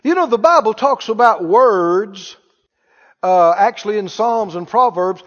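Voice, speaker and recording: A man with a strikingly high voice preaches to his church, talking plainly and tossing questions to the congregation. The sound is muffled and dull, and it trails off into a long hall reverb. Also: animated, unhurried. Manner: conversational preaching, quizzes the congregation. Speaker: pastor. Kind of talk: sermon.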